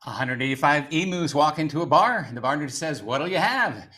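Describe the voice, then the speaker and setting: A man's voice: a little high, quick pace, sharp tone. A man improv player telling an easygoing joke in an online match.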